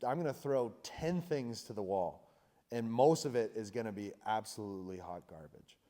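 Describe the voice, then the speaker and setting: A man in his thirties, a founder on a conference panel, telling stories in an energetic, self-mocking, emphatic way. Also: fairly low pitch, moderate pace. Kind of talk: animated panel storytelling. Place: conference hall. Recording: reverberant hall.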